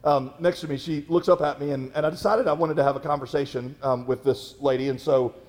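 A man preaching a sermon as a pastor, telling a story in a conversational way, halting with fillers and restarts. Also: fairly high pitch, darkish tone, big-room sound.

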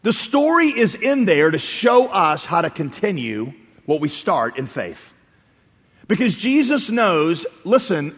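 A male pastor preaching in a church sanctuary with a long hall reverb around his voice. His voice sits high for a man, and his delivery is animated. He climbs to loud calls and then drops to hushed asides. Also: slightly rough. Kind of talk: sermon.

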